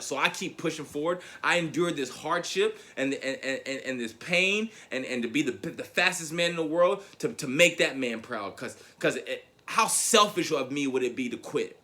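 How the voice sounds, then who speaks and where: A man's voice: mid-range voice, sharp tone. A man in his thirties giving a motivational keynote, telling a story with emphatic repeats. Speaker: motivational speaker.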